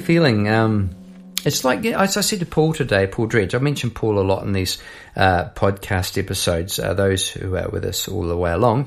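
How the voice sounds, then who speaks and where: A middle-aged man with a New Zealand accent, hosting a songwriting podcast in a relaxed, rambling chat with many restarts. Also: fairly low pitch, vocal fry.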